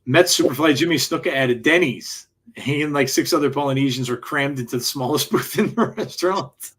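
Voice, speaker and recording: A man's voice: medium pitch, brisk, a bit bright. Rambling man telling stories. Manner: rambling storyteller, frequent restarts and laughs. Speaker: wrestling podcast co-host. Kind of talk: casual chat.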